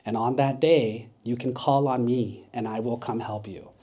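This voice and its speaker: A man's voice: medium pitch, steady tone, normal speed, warm tone, natural voice. A man voicing a kind but not very clever young male bird in a children's story, talking earnestly.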